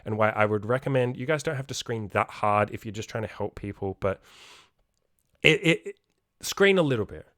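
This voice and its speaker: A man's voice: on the low side, lively intonation, moderate pace, a bit bright, dry recording, clean studio sound. A young man coaching in a podcast monologue, blunt and emphatic, swearing freely. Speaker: self-improvement coach.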